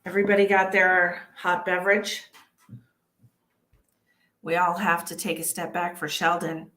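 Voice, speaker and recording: A woman's voice: lowish voice, flat delivery, a little slow, fairly bright tone. A woman hosting a casual psychic livestream from home, chatty and tired, greeting viewers by name and swearing freely. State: tired from early work hours. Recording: echoey room.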